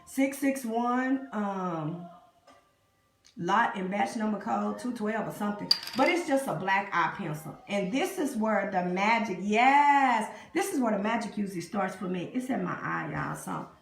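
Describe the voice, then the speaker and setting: A woman talks her live viewers through a makeup tutorial, greeting them by name as she works. Her voice has a gravelly fry, and the phone mic picks up an echoey room. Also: mid-range voice, expressive, measured pace, slight background noise. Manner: chatty, greets live viewers, calls them y'all and honey. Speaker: beauty vlogger. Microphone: phone camera up close.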